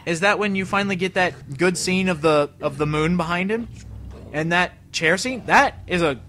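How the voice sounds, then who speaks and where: A man's voice: high-pitched, moderate pace, bright, forceful tone. A young man giving rambling, joking commentary over a video game. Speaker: let's play commentator. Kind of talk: gameplay commentary.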